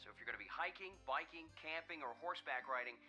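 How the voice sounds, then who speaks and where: An actor playing a radio weather announcer in a video game, giving a scripted forecast with crisp broadcast delivery. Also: male voice, medium pitch, animated, fast talker, pushed and bright, lo-fi sound, faint music behind. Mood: upbeat. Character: brisk adult male radio weatherman.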